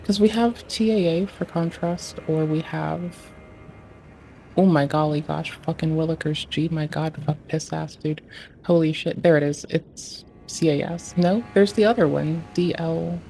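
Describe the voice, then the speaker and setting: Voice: mid-range voice, steady tone, measured pace, creaky, dark tone, faint music behind. A streamer talking casually and swearing freely, muttering to themself and asking the screen questions while fiddling with game graphics settings. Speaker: livestreamer.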